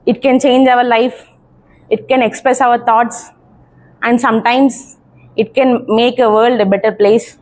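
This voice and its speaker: A young woman gives an earnest open mic speech. She sounds a little shy, and her voice is rather high. She talks slowly and carefully into a handheld mic. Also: flat delivery, darkish tone. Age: 20s. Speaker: student speaker.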